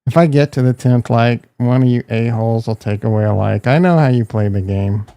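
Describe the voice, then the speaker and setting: A man's voice: medium pitch, fairly quick, dark tone, smooth, no echo. A man hosting a casual livestream, joking and ranting, talking straight to his chat and calling viewers bro and dude. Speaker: crypto livestream host.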